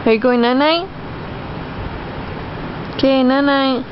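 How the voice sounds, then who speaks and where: A mother filming at home, talking slowly and coaxingly in sing-song baby talk to her toddlers. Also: high-pitched. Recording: dull lo-fi sound with steady background noise.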